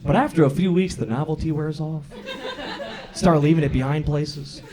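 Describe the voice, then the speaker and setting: A man in his thirties performing a stand-up set on a comedy club stage, with an animated, self-deprecating, punchy delivery into a handheld mic. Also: fairly high pitch, normal speed. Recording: live club recording with crowd laughter. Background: audience laughter.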